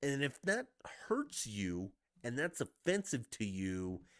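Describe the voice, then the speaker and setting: A man's voice: medium pitch, huge pitch swings, slow, no room sound, studio quality. A man on a live stream, ranting heatedly with heavy profanity about his sports team. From Denver.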